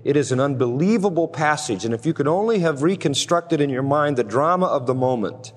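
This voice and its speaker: Male pastor, slightly high pitch, earnest sermon delivery, reverberant sanctuary sound. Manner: earnest, emphatic, dropping low and slow on solemn words. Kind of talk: expository sermon.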